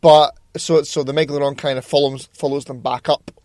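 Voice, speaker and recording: A man's voice: fairly high pitch, level tone, a little fast, darkish tone, dry recording. A man co-hosting a podcast in casual chat, jokey and rambling, swearing freely. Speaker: podcast co-host.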